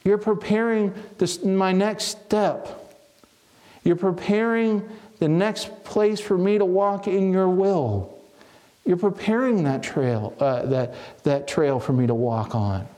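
Man, preacher, sermon, earnest and reflective, mellow voice, slightly high pitch. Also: takes it slowly. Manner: earnest, reflective, with frequent restarts.

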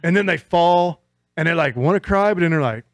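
A man in his forties, a podcast co-host who swears freely and jokes through his stories. His voice sits a little high for a man. The sound is dry and close. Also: expressive, a little fast, no echo. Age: 40s. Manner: profane, joking banter. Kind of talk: casual chat. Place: studio.

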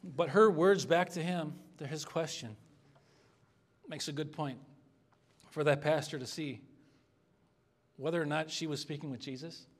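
A man's voice: on the high side, unhurried, long pauses. A man preaching an expository sermon as a pastor, earnest and conversational, asking the congregation for responses.

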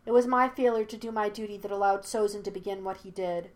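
A cool, measured old male spirit, as a woman reader puts him on, lecturing his young successor with stern disapproval. He speaks in a level voice at a middle pitch, never raising it. Storybook narration style. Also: steady tone, lightly acted.

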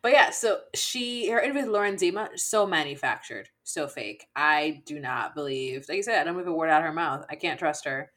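A woman's voice: low voice, expressive, brisk, hardly any pauses, a bit bright. A woman co-hosting a podcast, chatting casually and expressively, acting out what people said and swearing now and then. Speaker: podcast co-host. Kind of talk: casual chat.

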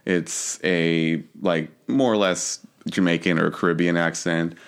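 A man's voice: low-pitched, fairly even intonation, a little slow, smooth. Laid-back young man rambling on a podcast. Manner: rambling, restarts often, laughs easily. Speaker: podcast co-host. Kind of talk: casual chat.

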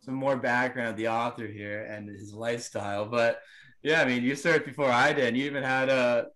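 Man, podcast host from New Jersey, monotone surfer drawl, laid-back, filler-heavy. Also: mid-range voice, normal speed. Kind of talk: casual conversation.

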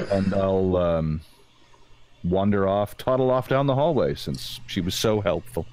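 Slow, formal low-voiced man. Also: darkish tone. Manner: slow, formal and courtly in-character speech. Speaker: player. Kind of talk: playing a character in a tabletop game.

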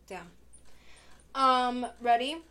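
A young woman trading would-you-rather questions in a relaxed chat, lively and quick to laugh. Her voice sits fairly high. She drops Spanish words into her English now and then. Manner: animated, laughs often, mixes in Spanish. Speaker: podcast co-host. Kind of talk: casual chat.

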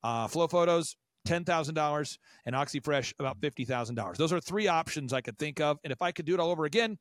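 An American man in his forties, talking fast and animatedly as he gives business advice. His voice sits a bit high for a man and is recorded very dry, with no room sound behind it. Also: dry recording. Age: 40s. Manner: animated, acts out quoted voices. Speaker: podcast guest. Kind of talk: enthusiastic business advice talk.

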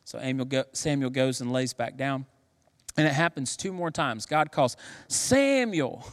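A man in his thirties preaching a sermon as pastor, telling stories with animated acted voices. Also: mid-range voice, moderate pace. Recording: long hall reverb.

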